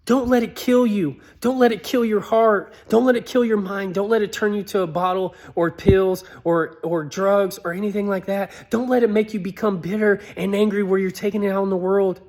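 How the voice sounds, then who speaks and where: A man speaks in an earnest, pleading monologue, telling his own story. His voice sits a bit on the high side and climbs well higher when he begs. The delivery is heartfelt and direct. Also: steady tone, moderate pace, hardly any pauses, darkish tone. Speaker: motivational speaker.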